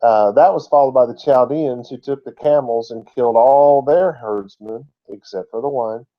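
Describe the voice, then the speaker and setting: A man's voice: medium pitch, moderate pace, lo-fi sound. A man giving a conversational Bible teaching, explaining texts and asking rhetorical questions. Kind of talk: sermon-style Bible teaching.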